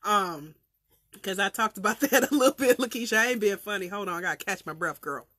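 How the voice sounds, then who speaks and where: A woman with a country Southern accent talks straight to her livestream viewers, chatty and preacherly, laughing as she goes. Her voice is bright and forward. The sound is dry and close, with no room echo. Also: mid-range voice, a little fast. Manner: laughs often, colloquial. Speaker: life coach trainer.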